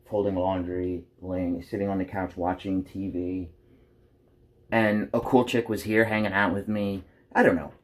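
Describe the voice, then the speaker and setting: A young adult man vlogging candidly from home into a taped-up phone, rambling bluntly and swearing freely. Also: on the low side. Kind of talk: candid confessional vlog. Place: at home by a couch. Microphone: phone taped in place.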